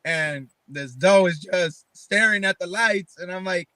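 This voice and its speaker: Male co-investigator, very high and bright voice, casual and laughing, video-call sound. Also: unhurried, dry recording. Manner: laughing, chiming in with side comments. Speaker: paranormal investigator guest. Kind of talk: casual chat.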